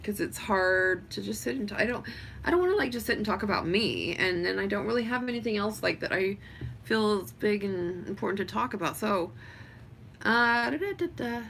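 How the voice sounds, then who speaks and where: A woman's voice: medium pitch, animated, fairly quick, creaky, a bit bright. A woman talks loosely to viewers on a livestream from her home. She drifts between thoughts with plenty of fillers. A faint background hum sits under her voice. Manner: rambling, many fillers. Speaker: vlogger. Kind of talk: casual livestream chat.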